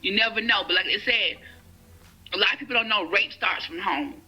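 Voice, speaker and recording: Bright woman telling her story. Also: medium pitch, fairly quick, breathy edge, rough recording. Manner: conversational, often asks "you get what I'm saying". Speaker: guest sharing her life story. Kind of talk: personal testimony in conversation.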